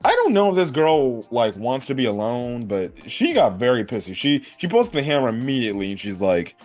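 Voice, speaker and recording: A man's voice: medium pitch, sing-song, fairly quick, a little mellow, soft background music. A man casually recapping an anime episode, rambling with lots of fillers and cursing. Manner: rambling, swears, many fillers like "like" and "right". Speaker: anime reviewer.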